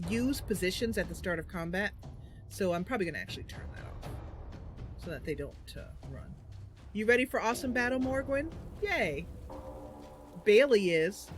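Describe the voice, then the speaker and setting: A woman hosting a game livestream, chatting casually and thinking aloud as she plays, often giggling. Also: mid-range voice. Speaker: livestream host.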